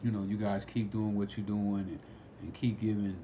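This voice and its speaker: Low-voiced man, slow and reflective. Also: level tone, muffled recording, slight background noise. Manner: unhurried, with many fillers and restarts. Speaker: podcast guest. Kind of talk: casual conversation.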